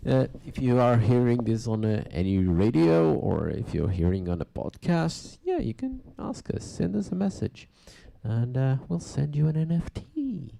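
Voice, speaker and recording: A man hosting a music radio and podcast show, chatting casually between tracks in a halting way, with plenty of fillers and restarts. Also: medium pitch, big pitch swings, vocal fry, dark tone, slight background noise. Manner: halting, loose talk with many fillers and restarts.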